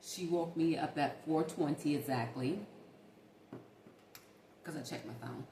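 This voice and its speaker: Young woman chatting to her viewers late at night, lively, roomy echo, faint hum behind. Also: low-pitched, a little slow. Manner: chatty, animated, talks straight to viewers as "y'all". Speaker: vlogger. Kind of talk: casual late-night vlog talk. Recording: echoey room with faint ambient noise.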